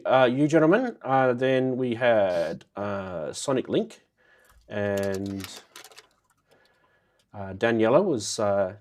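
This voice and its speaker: A man hosting a live synth show in casual chat, his voice nasal and muffled from a cold, chatty and quick to laugh as he greets viewers by name. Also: medium pitch.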